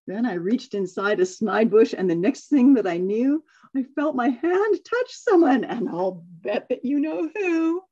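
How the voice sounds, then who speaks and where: A woman reads a rhyming story aloud with lively, expressive delivery, then chats quickly with a group and laughs often. Her voice is slightly husky and breathy. The sound is dull and lo-fi, as over a video call. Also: a little high. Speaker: workshop facilitator.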